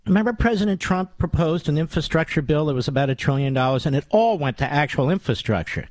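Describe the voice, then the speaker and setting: A man's voice: fairly high pitch, dry recording. A man hosting a political talk radio show in a monologue, combative and sarcastic, with mocking nicknames.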